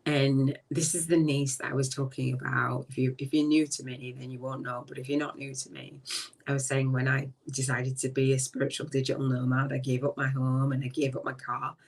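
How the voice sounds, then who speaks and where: A middle-aged woman hosting a live-streamed spiritual talk from a relative's home. She speaks slowly and reflectively, trailing off and often dropping to a soft voice. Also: rumbling low, level tone, husky. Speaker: podcast host. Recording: voice distant from the mic.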